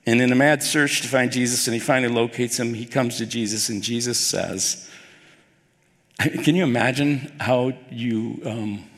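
A male pastor preaching a sermon, telling the story with animated, acted-out dialogue. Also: medium pitch. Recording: long hall reverb.

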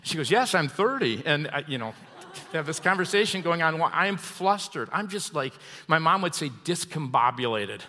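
A man preaching in a church sanctuary, his bright, somewhat high voice trailing off into a long hall reverb. He tells stories with a chuckle and an animated delivery. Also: moderate pace. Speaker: pastor. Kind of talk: sermon.

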